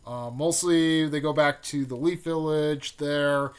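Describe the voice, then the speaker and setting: His pitch sits fairly high and his tone is clean as he slowly recaps a fan-made story. The telling is casual and meandering, packed with fillers and false starts, with excited spikes during the action beats.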